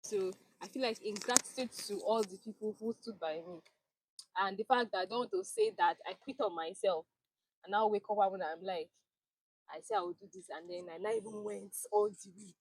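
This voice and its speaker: In a casual group chat, a Nigerian woman who is a teaching fellow shares her teaching experience, acting out quotes and laughing often. Her mid-range voice is very animated, fairly quick, and creaky, with a Nigerian English accent. The audio is poor, with a little hiss or hum.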